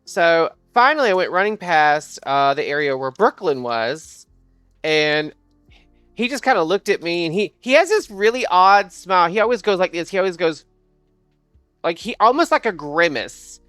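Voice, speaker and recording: A woman livestreamer telling a funny work story in casual chat, animated and quick to laugh and swear. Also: lowish voice, smooth, dry recording, soft background music.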